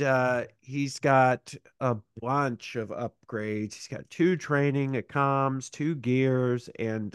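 A man's voice: mid-range voice, no room sound, studio quality. A man co-hosting a casual gaming podcast, rambling and self-deprecating with lots of fillers. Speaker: podcast co-host.

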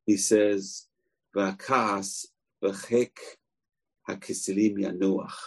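A man giving a sermon, earnest and emphatic, slowing down to stress key lines. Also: on the low side, flat delivery, vocal fry, breathy edge. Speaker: rabbi.

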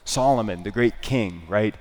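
Hoarse man preaching in a reverberant church. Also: on the low side, measured pace. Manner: lively, emphatic, repeats key phrases. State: hoarse, smoker-like rasp. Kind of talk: sermon.

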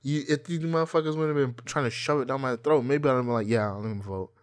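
A man's voice: on the high side, steady tone, fast talker. A young man in casual podcast chat, ranting heatedly and swearing a lot. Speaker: podcast co-host.

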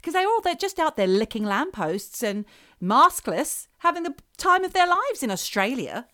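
A woman's voice: sits high, very animated, normal speed, bright, forceful tone, no echo, clean studio sound. A woman co-hosting a podcast in casual, playful chat, teasing her co-host.

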